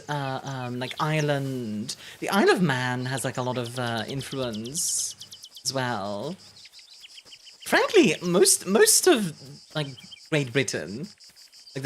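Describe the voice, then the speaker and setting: Over a little background noise, a young woman's rumbling low voice carries her casual game commentary on a live stream. She jokes around with viewers, laughs often, and drifts into side remarks.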